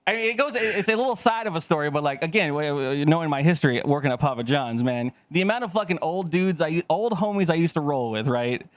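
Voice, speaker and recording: A man's voice: fairly high pitch, expressive, quick pace, hardly any pauses, no echo. A man co-hosting a casual podcast chat, telling stories with lots of swearing and laughter. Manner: profane, storytelling, laughing often. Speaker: podcast co-host.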